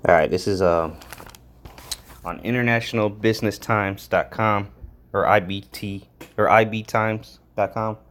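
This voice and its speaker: Blunt, rambling low-voiced male preacher. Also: fairly even intonation, a little slow, a bit bright, a little hiss or hum. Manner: rambling, blunt, repeats words, stresses key words. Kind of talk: casual scripture lesson.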